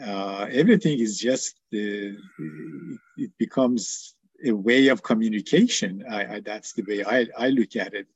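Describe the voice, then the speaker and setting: Older guy, english not his first language, husky voice, talks real slow and halting on a video call. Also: mid-range voice, no echo. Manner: halting, restarts often, laughs at himself. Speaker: psychiatrist. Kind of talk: casual group video chat.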